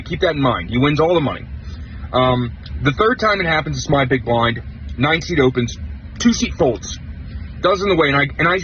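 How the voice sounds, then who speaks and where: A young man with a fairly high, lively voice recounts a poker tournament in a heated rush, swearing as he goes. The clip sounds dull and muffled, with a faint hiss behind him. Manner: animated, heated storytelling with casual swearing. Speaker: poker player telling his story.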